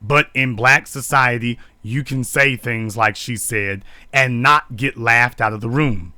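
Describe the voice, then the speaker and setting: A man's voice: mid-range voice, a little slow, bright, forceful tone, no echo. A man giving live-streamed social commentary, indignant and preachy, hammering points home with repeated rhetorical questions. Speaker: online commentator.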